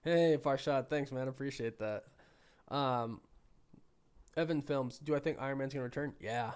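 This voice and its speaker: A man with a cold, hoarse and sniffly, hosting a casual live stream and chatting with viewers while thinking aloud. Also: medium pitch, moderate pace, a little mellow. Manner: rambling, thinking aloud with many restarts. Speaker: livestream host.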